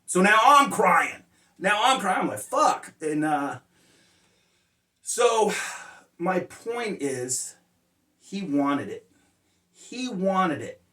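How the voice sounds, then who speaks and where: A man's voice: sits high, big pitch swings, slow pace, pauses often, pushed and bright. A man telling personal stories as life lessons in a casual, rambling way, full of "uh" fillers and blunt, profane language. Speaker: motivational speaker sharing life lessons. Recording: roomy sound, distant mic.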